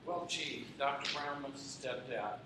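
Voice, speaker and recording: A man's voice: mid-range voice, unhurried, background noise. A man with a Texan accent gives a folksy, joking presentation about school technology to an audience. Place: large echoey hall. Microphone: handheld mic after a distant start. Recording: echoey hall, distant mic.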